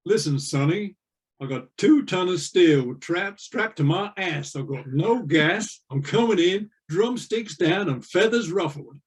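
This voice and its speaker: An older man putting on the drawl of a blunt, swaggering American pilot who is low on fuel. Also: expressive, unhurried, breathy edge, exaggerated voice. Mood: defiant.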